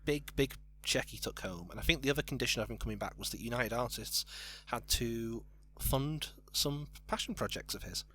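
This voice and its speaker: A man's voice: medium pitch, moderate pace, few pauses. A man co-hosting a film commentary from home, speaking with dry, sarcastic humour. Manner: dry, sarcastic, mock-deadpan. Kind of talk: joking film commentary chat.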